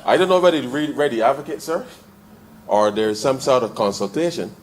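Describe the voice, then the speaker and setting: A man's voice: mid-range voice, expressive, a little fast, rough recording. Man debating in parliament. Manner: addresses the chair with frequent "sir", builds to emphatic rises. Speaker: member of parliament. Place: parliament chamber.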